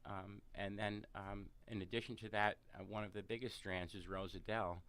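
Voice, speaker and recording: A man with a somewhat low voice tells a personal story on a close radio studio mic. He keeps the story animated and often circles back with fillers and restarts. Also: moderate pace, smooth. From New York City. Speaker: massage therapist, interview guest. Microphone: studio microphone, close.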